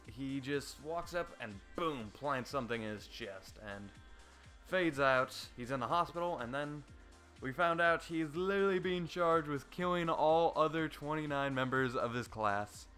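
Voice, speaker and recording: Excitable young man rambling with swears. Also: mid-range voice. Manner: excitable, swears a lot, many fillers and restarts. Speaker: anime reviewer. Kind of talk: casual rambling review.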